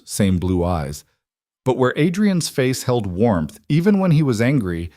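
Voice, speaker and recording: A man reading scripted story narration in a measured, even way. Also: on the low side, no echo, clean studio sound.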